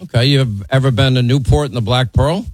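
A man's voice: medium pitch, fast talker, no echo, rough recording. A middle-aged man hosting a call-in talk radio show, blunt and opinionated as he teases his callers. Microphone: studio microphone.

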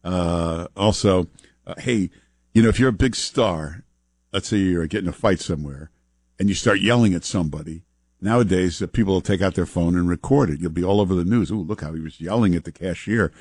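A man hosting a talk radio show in a relaxed, chatty way, often pausing on "uh". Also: low voice, breathy edge, no echo, clean studio sound. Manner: relaxed, chatty, frequent "uh" fillers. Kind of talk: casual talk radio banter. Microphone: studio microphone.

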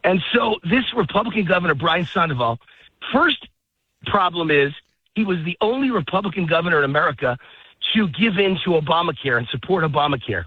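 A man's voice: a little high, expressive, fast, husky, dry recording. A man guest on a political radio show, heated and ranting, out of breath while walking his dog in a park. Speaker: phone-in guest. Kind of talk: political talk radio interview. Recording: tinny phone line.

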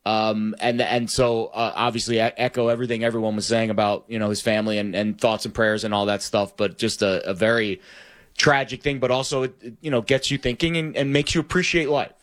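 A man's voice: fairly low pitch, fairly even intonation, a bit bright. Hesitant man in sports talk. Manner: halting, many fillers and restarts. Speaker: sports radio co-host.

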